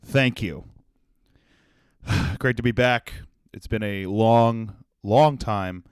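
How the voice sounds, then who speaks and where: Profane, joking young comedy podcast host. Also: male voice, lowish voice, drawn-out words, clear, resonant tone, dry recording, clean studio sound. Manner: profane, self-deprecating, swings between jokes and sincerity. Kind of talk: solo comedic monologue.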